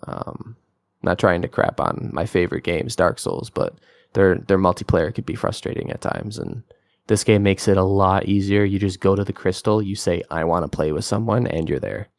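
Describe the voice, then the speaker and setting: A man's voice: deep voice, lively intonation, moderate pace, gravelly, no room sound, studio quality. A young man co-hosting a podcast, talking through games in a casual, rambling way, full of fillers and enthusiasm. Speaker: podcast co-host. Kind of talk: casual game-review chat.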